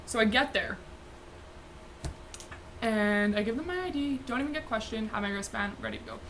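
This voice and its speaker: A young adult woman vlogger tells a story casually, packed with "like" fillers, swearing, and laughter. Her voice is fairly high and bright with lively intonation at normal speed, over a slight hiss or hum.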